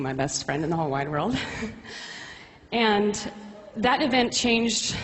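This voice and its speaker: A woman's voice: lowish voice, husky. A woman giving a heartfelt, tearful testimony to a convention audience. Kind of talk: emotional spoken testimony. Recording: hall reverb.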